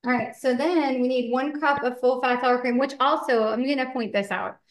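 A woman's voice: sits high, fairly even intonation, moderate pace, roomy sound. A woman co-hosting a casual chat while she bakes at home, talking in a loose way with lots of fillers and laughs. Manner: chatty, many fillers, laughs often. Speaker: podcast co-host.

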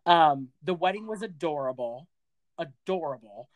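A woman hosting a casual chat, effusive and animated in her reactions. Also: low voice, moderate pace, dry recording. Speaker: host.

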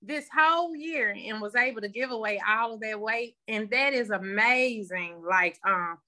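A woman giving a candid, rambling personal share at a recovery meeting over a phone video call, with many pauses and ums. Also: fairly high pitch, bright, forceful tone. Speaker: meeting member sharing.

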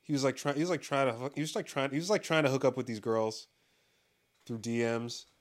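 A man's voice: medium pitch, a little fast. A man riffs in a loose, foul-mouthed comedic monologue, circling back on his own sentences. He laughs often and keeps a mid-range voice. His delivery feels offhand and unscripted. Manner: profane, rambling, laughs often.

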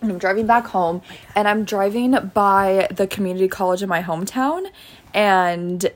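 A young woman co-hosting a podcast, telling a personal story in a lively, chatty way. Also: medium pitch, moderate pace. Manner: animated storytelling. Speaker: podcast co-host. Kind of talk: casual chat.

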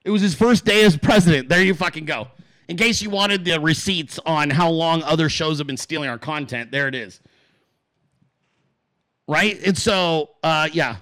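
A man hosting a podcast in a casual, profane rant, acting out quick voices in his stories. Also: fairly high pitch, no room sound. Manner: animated, swears a lot, acts out voices in his stories. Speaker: podcast host.

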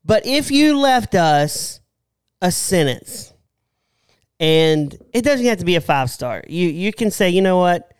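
Southern dude cohosting a podcast, smooth clear voice, dry close mic, kidding around. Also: male voice, high voice, very animated, slow pace, no room sound. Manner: joking, plays bad put-on accents. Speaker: podcast co-host. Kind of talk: casual podcast chat.

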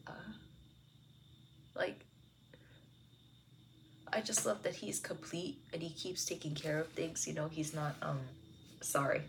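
A woman giving an earnest, reflective Bible commentary, speaking softly and sometimes slipping into a whisper. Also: sits low, takes it slowly, creaky, pauses often, noisy background. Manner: soft-spoken, earnest, heavy use of "like" and "you know"; drops into a whisper at times. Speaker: devotional video host.

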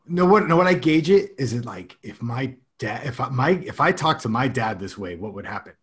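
A man's voice: mid-range voice, animated, fairly quick. A man hosting a podcast, teasing his guests in laid-back casual chat. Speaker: podcast host.

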